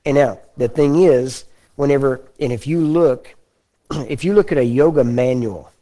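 Folksy Texan preacher with a mellow voice. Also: male voice, mid-range voice, unhurried. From Texas. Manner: folksy, conversational, frequent throat-clearing. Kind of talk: sermon.

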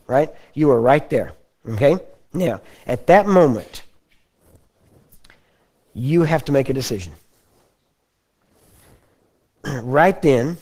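A man with a Texan accent preaching a folksy, conversational sermon and often clearing his throat. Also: medium pitch, warm tone. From Texas.

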